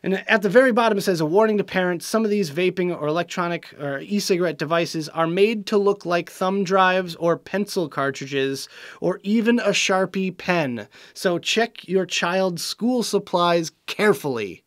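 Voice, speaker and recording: Frustrated, ranting high-voiced man. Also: normal speed, no room sound, studio quality. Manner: frustrated, ranting, sarcastic about news coverage. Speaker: vape show host. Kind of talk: casual video commentary.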